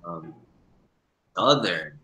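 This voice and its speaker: A man hosting a live-streamed interview and reading questions from the chat, hesitant with many ums, often trailing off quietly. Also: low-pitched, animated, drawn-out words, a little hiss or hum. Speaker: livestream host. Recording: echoey room.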